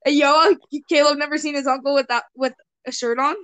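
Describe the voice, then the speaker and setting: A woman's voice: high-pitched, steady tone, a little fast, a bit bright. A teenage girl hosting a casual chat with friends, teasing and giggly as she steers the topics. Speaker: podcast host.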